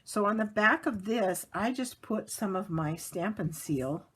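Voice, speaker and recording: A woman's voice: medium pitch, lively intonation, measured pace, a bit bright, breathy edge. A woman giving a casual card-making tutorial, chatty and laughing lightly as she narrates each step at her work table.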